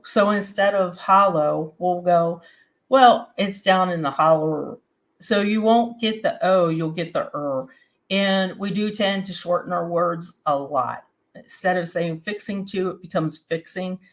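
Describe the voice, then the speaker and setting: A woman's voice: lowish voice, measured pace. A woman from West Virginia who hosts the show. She speaks with an Appalachian accent and explains things in a friendly way, spelling out examples. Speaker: host. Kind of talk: scripted talk to camera.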